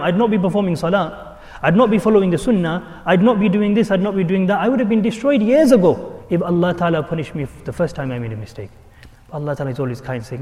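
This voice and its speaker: A man preaches a sermon in an earnest, repetitive way, sprinkling in Arabic and Urdu terms. His voice sits fairly high and he speaks very quickly. A long reverb trails each phrase, as in a hall. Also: darkish tone. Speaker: Islamic preacher.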